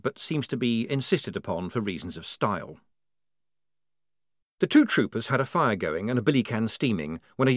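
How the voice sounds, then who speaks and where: A man narrating a story in a wry, lively storytelling manner. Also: lowish voice, no room sound, studio quality. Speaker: audiobook narrator.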